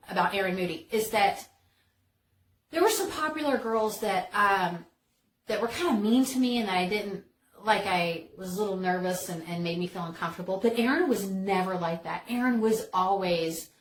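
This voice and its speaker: A woman hosting a storytelling vlog, telling a childhood story in a casual, animated way, full of fillers and dramatic turns. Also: mid-range voice. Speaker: storytelling vlogger. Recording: echoey room with faint noise.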